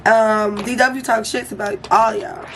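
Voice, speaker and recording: Animated slangy young woman, fairly high voice. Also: measured pace, music in the background. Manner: animated, slangy and profane, acts out quotes. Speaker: YouTuber telling a story. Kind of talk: casual storytime vlog.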